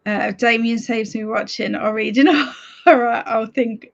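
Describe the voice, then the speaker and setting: A woman's voice: a little high, steady tone, unhurried, gravelly, dull audio. A woman hosting a reading livestream, chatting casually and giggling as she reads out viewer comments. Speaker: streamer hosting reading sprints.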